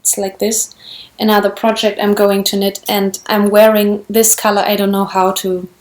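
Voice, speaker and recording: A German woman chats casually in English on her knitting vlog, speaking with a German accent in a mid-range voice that barely moves in pitch, at a moderate pace. In this show-and-tell she gushes over yarn and often restarts her sentences.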